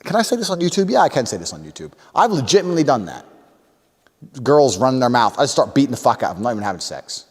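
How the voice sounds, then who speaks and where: A man's voice: mid-range voice, sing-song, fast talker, in a large hall. A man talking in a boastful, crude and provocative way in a recorded talk clip.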